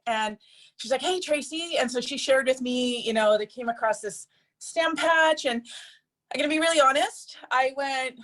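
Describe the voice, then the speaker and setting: A woman's voice: high voice, steady tone, normal speed, a bit bright. A woman giving a personal testimonial to a group, chatty and earnest, with lots of fillers.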